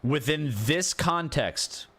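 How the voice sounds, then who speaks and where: A man's voice: on the high side, lively intonation, slow pace, a bit bright. A man streaming live, ranting in frustration with rhetorical questions and swearing as he reacts to chat. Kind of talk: casual live-stream commentary.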